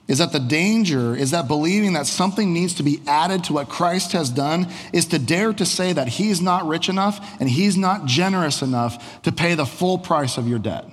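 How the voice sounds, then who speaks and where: A man preaching a sermon as a pastor, in a relaxed, conversational storytelling way full of casual fillers. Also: on the high side, a little slow. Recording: long hall reverb.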